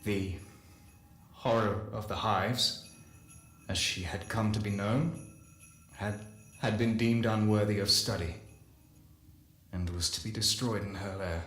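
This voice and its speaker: A man with a fairly low voice reads a first-person story in a slow, measured way and pauses between phrases. The recording is roomy, with a clear echo around him. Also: steady tone, fairly bright tone. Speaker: lore reader. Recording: echoey room.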